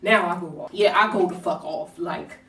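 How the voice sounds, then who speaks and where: Animated woman telling a story, roomy echo. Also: fairly low pitch, normal speed. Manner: animated, swears, acts out quotes. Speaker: vlogger. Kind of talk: storytime vlog. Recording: roomy echo, distant from mic.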